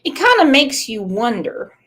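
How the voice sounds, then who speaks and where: Slow-talking congested woman host. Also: fairly high pitch, sing-song, fairly bright tone, slightly rough. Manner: blunt, outspoken, with emotional asides. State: has a cold, congested. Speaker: true crime channel host. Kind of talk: casual livestream commentary, reading chat.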